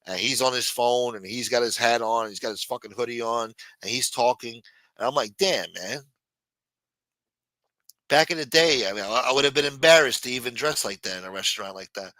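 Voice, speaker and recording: A man rants bluntly as host of a casual live show, swearing freely and reading news items aloud. His voice is bright and sharp, recorded dry and close. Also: mid-range voice, fast talker, dry recording. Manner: blunt, ranting, reads news aloud, quotes scenes in a Mafia-style voice. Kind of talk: profane casual commentary.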